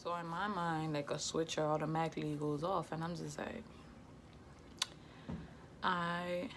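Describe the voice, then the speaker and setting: A young woman telling a personal story on her vlog in a slangy, heated, lively way. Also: low-pitched, unhurried, background noise. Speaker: vlogger. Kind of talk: casual storytime.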